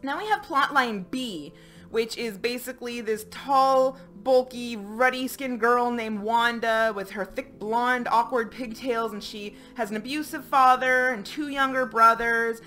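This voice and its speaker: A woman's voice: a little high, a little slow, sharp tone, soft background music. A woman giving a casual, chatty book review with lots of fillers and playful asides.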